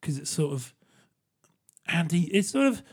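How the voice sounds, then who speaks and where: A man's voice: fairly high pitch, very animated, a little slow, slightly rough. A young man hosting a casual solo podcast, rambling and chatty, laughing often. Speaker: podcast host.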